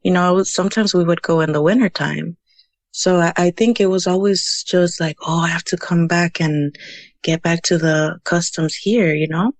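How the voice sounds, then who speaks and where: A woman's voice: fairly low pitch, fairly even intonation, moderate pace, no room sound. Chatty woman in her thirties, dry close sound. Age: 30s. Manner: chatty, mixes in Spanish words, frequent "you know". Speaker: podcast guest. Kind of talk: casual storytelling interview.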